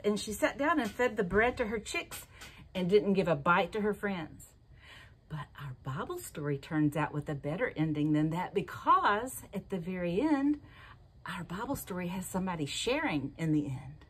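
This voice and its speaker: Lively, breathy woman telling children a story. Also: lowish voice, moderate pace. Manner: lively, animated storytelling with asked questions to kids.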